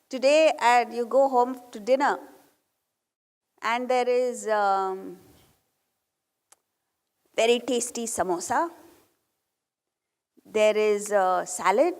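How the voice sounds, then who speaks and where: A woman's voice: fairly high pitch, long reverb tail. A woman giving a spiritual discourse, telling stories and putting questions to her audience. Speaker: spiritual teacher.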